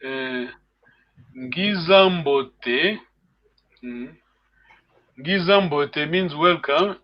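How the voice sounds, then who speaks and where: A man's voice: fairly high pitch, a little slow, muffled recording. A man from Congo, teaching a live online language lesson over a video call. He explains patiently and repeats words for his students to echo.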